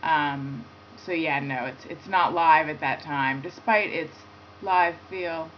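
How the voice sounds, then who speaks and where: A woman's voice: sits low, slow pace. A woman hosting a comedy talk show, telling a rambling self-deprecating story and chatting with a guest. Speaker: host. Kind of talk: casual chat and phone interview. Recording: lo-fi with faint noise.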